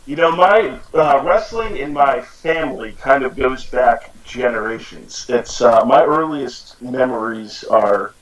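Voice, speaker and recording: A man's voice: mid-range voice, unhurried, hardly any pauses, muffled recording. A man in his forties from the United States, a podcast guest chatting casually and quoting himself as he tells stories. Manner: relaxed storyteller, quotes himself often. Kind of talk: casual interview chat.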